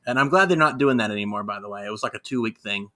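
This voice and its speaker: A man chatting casually, retelling events in an excitable, animated way. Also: on the low side, racing. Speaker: podcast co-host. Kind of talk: casual recap chat.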